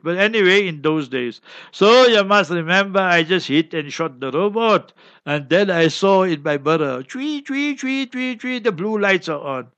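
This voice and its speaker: Man, imam, high bright voice, chatty storytelling, dry dull lo-fi sound. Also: no room sound. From South Africa. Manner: chatty, tag questions like "you know". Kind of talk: storytelling in a Q&A talk.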